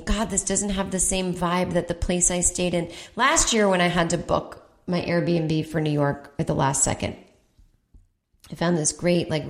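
At home, a woman with a somewhat low-pitched voice rambles through a personal story for her comedy podcast. She's chatty and swears casually, pokes fun at herself, and slips into quick put-on voices for the people she quotes.

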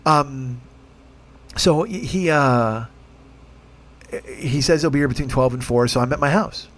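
A podcast host telling a long, rambling story in casual, profane language, with frequent restarts and exasperation. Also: male voice, mid-range voice, unhurried.

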